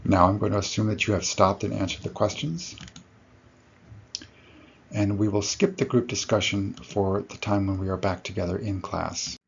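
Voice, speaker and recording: Gravelly low-voiced male lecturer. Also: normal speed, dull audio, slight background noise. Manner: explanatory, self-correcting. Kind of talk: recorded lecture.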